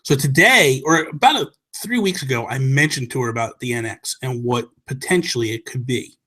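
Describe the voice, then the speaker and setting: Man, podcast host, husky voice, excited and rambling, self-correcting storyteller. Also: medium pitch, brisk. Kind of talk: casual chat, storytelling.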